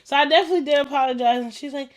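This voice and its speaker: A woman hosting a casual chat show, telling stories in an animated, slangy way, acting out what people said and laughing often. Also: sits high, very fast. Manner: animated storytelling, acts out quoted dialogue, laughs often; slangy and informal. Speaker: podcast host.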